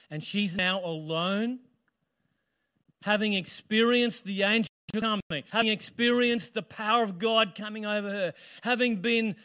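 A male pastor preaching a sermon, retelling a story with animated questions to the congregation. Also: sits high.

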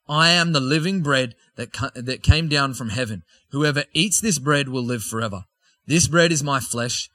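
A man's voice: mid-range voice, pushed and bright, no echo, natural voice. A preacher reading aloud the words of Jesus as a man teaching a crowd with authority, in a raised, emphatic delivery.

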